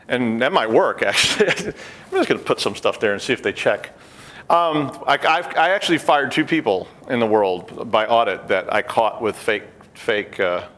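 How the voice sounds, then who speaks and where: A middle-aged man giving a conference talk, an animated storyteller who acts out the people he quotes and drops wry joking asides. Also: medium pitch. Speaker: conference speaker.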